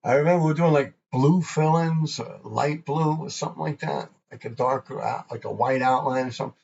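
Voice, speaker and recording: Gravelly New man telling old stories. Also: mid-range voice, a little fast, darkish tone, dull audio. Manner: rambling, profane, laughing often. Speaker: graffiti show host. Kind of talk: casual storytelling.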